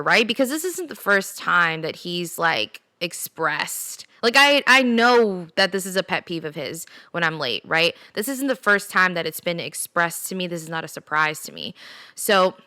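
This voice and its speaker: A woman's voice: on the low side, big pitch swings, unhurried, pushed and bright, dry recording. A young adult woman hosting a solo podcast, telling a personal story in a candid, chatty way. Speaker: podcast host. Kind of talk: solo casual podcast talk.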